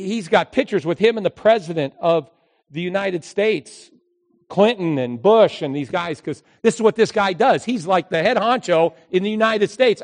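A middle-aged man with a notably high voice spins a long personal anecdote for a crowd of listeners. He tells it in a lively, animated way, leaning on a repeated catchphrase. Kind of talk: storytelling talk to an audience.

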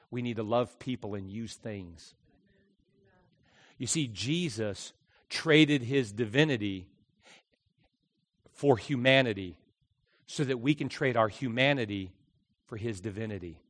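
A male pastor preaching a sermon, telling a story dramatically, with his voice swinging from hushed to loud. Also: medium pitch. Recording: long hall reverb.

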